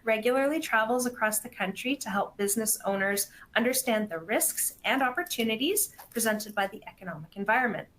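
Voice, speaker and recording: A woman's voice: a little high, fairly bright tone, a little hiss or hum, rough recording. Upbeat woman hosting a webinar. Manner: chatty, upbeat, reads polling questions aloud. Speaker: webinar host.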